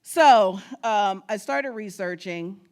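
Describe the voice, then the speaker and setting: Lively storytelling woman from New York. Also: mid-range voice, takes it slowly. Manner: lively storyteller, laughs often, talks straight to the audience. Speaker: guest speaker on genealogy. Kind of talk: humorous conference talk.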